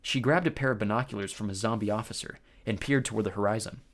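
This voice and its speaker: A man narrating a first-person audiobook with expressive storytelling. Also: on the low side, quick pace.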